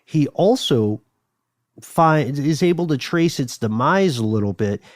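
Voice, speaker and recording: A man's voice: on the high side, expressive, unhurried, dry recording, studio quality. A man co-hosting a podcast, telling a history story in a chatty, loose way with many fillers. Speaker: podcast co-host. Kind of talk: casual conversational storytelling.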